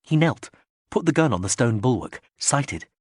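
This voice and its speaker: Male audiobook narrator, husky and dry, measured reading with animated pitch. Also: no echo. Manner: measured reading, acts out quoted speech in raised voices. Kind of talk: scripted narration.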